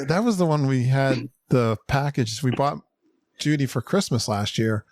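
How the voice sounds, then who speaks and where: A man's voice: mid-range voice, animated, normal speed, dry recording. A man hosting a podcast, chatting in an upbeat way and laughing often. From Connecticut, USA. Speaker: podcast host. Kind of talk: casual podcast chat.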